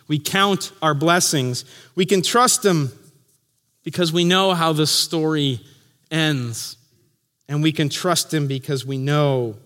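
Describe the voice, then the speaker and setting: Slow, earnest pastor in a reverberant hall. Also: male voice, a little high. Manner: slow and earnest, dropping soft at line ends. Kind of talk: sermon. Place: church chapel.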